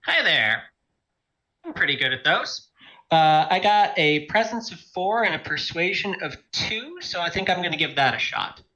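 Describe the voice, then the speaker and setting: A man's voice: high-pitched, sing-song, normal speed, sharp tone, poor audio. A man playing a tabletop game, talking casually and decisively, taking charge. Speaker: player. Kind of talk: in-character tabletop game talk.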